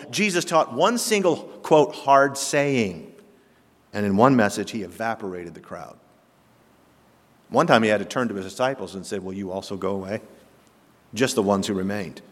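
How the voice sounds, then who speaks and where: A man preaching a sermon as pastor, emphatic, with rhetorical questions and sudden swings between loud and soft. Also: medium pitch. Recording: long reverb of a large hall.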